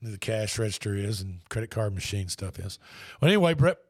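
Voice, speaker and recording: A man's voice: fairly low pitch, lively intonation, a little fast, dry recording, clean studio sound. Rambling sports radio man. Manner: rambling storyteller with restarts. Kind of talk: casual sports talk.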